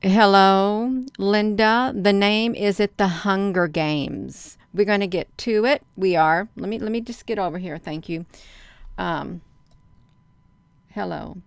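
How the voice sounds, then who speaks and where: Her mid-range voice is clean and unhurried, with no room sound. She hosts a livestream, urging and emphasizing as she addresses viewers as "you all" and responds to their comments along the way.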